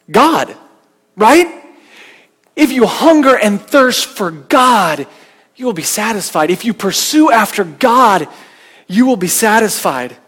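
A man preaching a sermon in a conversational, storytelling way, often restarting his words. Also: sits high. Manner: conversational, anecdotal, repeats words when restarting. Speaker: pastor.

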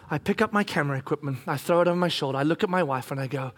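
A middle-aged man, a pastor, telling a story in a sermon, acting out scenes and at times breaking into shouts. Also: a little high, rapid-fire, few pauses, a faint crowd, slight background noise. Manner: animated, acts out scenes, bursts into shouting.

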